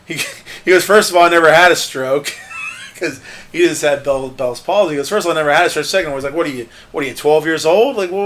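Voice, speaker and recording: Young guy w a slightly high voice, rambling + swearing a lot, telling a convention story casually. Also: a bit bright. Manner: rambling, profane, many fillers and restarts.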